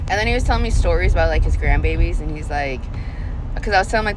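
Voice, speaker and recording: A woman in her thirties, a rideshare driver and realtor, tells stories in a casual vlog recorded inside her car, chatty, profane and often laughing. Her voice is on the low side and racing, with background noise.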